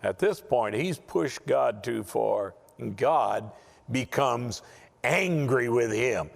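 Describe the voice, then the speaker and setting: Slow, lively-pitched preacher man. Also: creaky, big-room sound. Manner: emphatic, repeats words at restarts. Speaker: Bible teacher. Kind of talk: sermon-style Bible lesson.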